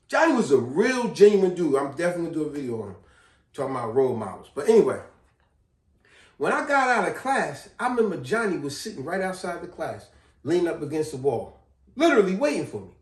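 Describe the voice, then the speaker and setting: A man vlogging, telling a personal story in a casual, slangy, animated way. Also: on the high side. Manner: animated, slangy, repeats himself. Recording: echoey room, distant mic.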